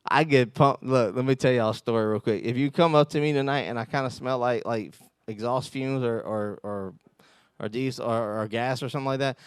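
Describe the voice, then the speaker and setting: A man giving a conversational sermon as pastor, telling stories with self-mocking humor and quick laughs. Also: medium pitch, clear, resonant tone, no room sound, studio quality.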